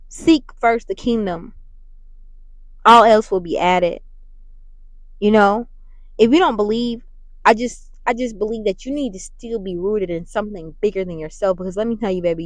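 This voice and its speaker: A woman hosting a faith-based motivational talk, animated and preachy, who keeps apologizing and laughing at herself. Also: a little high, no echo, rough recording. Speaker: podcast host and mentor.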